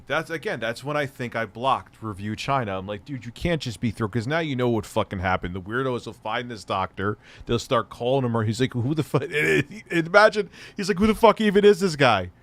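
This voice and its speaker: A middle-aged man hosting a livestream in casual chat, loose and profane, laughing often and jumping into excited bursts. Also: medium pitch, normal speed, few pauses. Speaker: livestream host.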